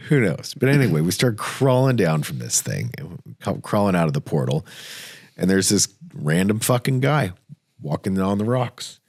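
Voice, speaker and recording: A man's voice: low-pitched, very animated, normal speed, a little mellow, no echo, clean studio sound. A man hosting a podcast, telling a story casually and animatedly, cursing freely. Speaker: podcast host.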